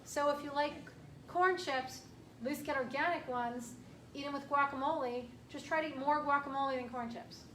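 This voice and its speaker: High-voiced woman giving a chatty health talk. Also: moderate pace, fairly bright tone. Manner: chatty, emphatic, clears throat often. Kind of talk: casual health workshop talk. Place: room with an audience. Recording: echoey room from far off, faint hiss.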